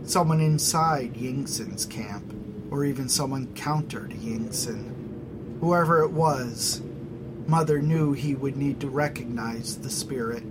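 A man narrating a fantasy story in a measured, even storytelling manner. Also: medium pitch, background noise. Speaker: audiobook narrator.

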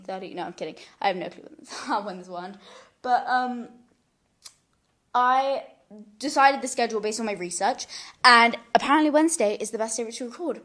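A slightly high-voiced woman talks through a casual solo podcast, rambling from thought to thought and laughing often. She sits on a couch at home with a big microphone pulled up close. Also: a bit bright. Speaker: podcast host. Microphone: large studio mic pulled up close.

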